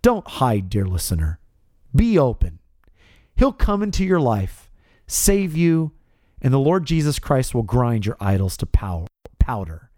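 A man preaching a radio sermon with emphatic delivery, stressing key words by pushing his pitch up. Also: sing-song, a little slow, warm tone, no echo, studio quality.

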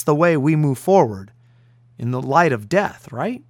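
A man's voice: on the high side, lively intonation, measured pace, no echo, clean studio sound. A man pastor preaching an earnest, emphatic radio sermon.

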